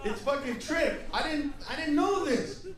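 A man doing stand-up comedy who slips into loud shouted put-on voices. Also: very high-pitched, lively intonation, a little slow, very noisy. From Mexican American. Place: comedy club stage. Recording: roomy live venue, mic heard from far. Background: loud crowd laughter.

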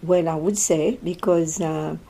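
A woman's voice: low-pitched, steady tone, measured pace, gravelly, dark tone. An older woman, answering interview questions in a thoughtful, hesitant way with frequent fillers. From Mauritius.

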